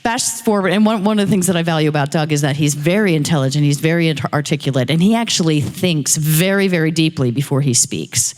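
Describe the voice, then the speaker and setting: A woman in the audience animatedly telling a personal story, quick and lively, jumping high when she quotes herself. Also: long reverb tail. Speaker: audience member sharing a story.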